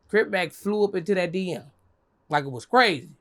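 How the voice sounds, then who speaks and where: A young woman telling a story as an interview guest, animated and profane, acting out what others said in a high voice. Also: normal speed. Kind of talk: casual storytelling.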